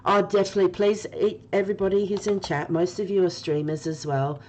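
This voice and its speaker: A woman's voice: mid-range voice, steady tone, fairly quick, darkish tone, a little hiss or hum, low-quality recording. A woman streaming a game live, chatting with her viewers by name and laughing often. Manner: giggly, laughing often and talking to chat by name.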